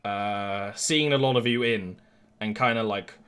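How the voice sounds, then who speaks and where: A man's voice: on the low side, a little slow, a bit bright, clear, resonant tone. Easygoing male game master narrating. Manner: easygoing, rambling descriptions with fillers.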